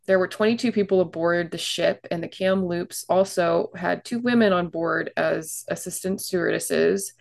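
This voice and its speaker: Low creaky woman telling a story. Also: normal speed, hardly any pauses. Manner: chatty, reads facts with fillers and asides. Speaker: podcast co-host telling a shipwreck story. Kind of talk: casual storytelling podcast.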